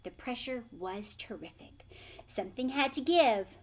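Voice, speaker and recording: Woman, teacher, reading aloud to children, high-pitched, animated. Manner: pauses to ask listeners questions, whispered asides.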